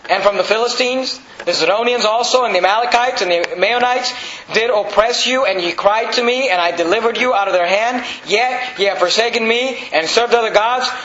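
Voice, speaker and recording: A man preaching a sermon as pastor, building to emphatic shouts, recorded in a church. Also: sits high, brisk, slight background noise. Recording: echoey room, dull lo-fi sound.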